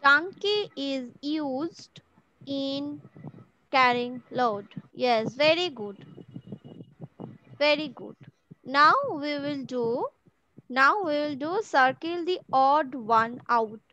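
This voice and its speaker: Patient woman teacher, high and slow, running an online question drill. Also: bright, forceful tone, slight background noise, rough recording. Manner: repeats words and questions patiently. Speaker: school teacher. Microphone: video call from home.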